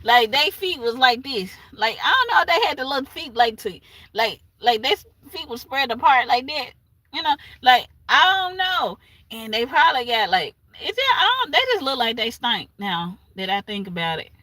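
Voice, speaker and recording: Bright-voiced woman chatting on a livestream. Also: on the high side, moderate pace, no room sound. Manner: rambling, animated, laughs often. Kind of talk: casual livestream chat.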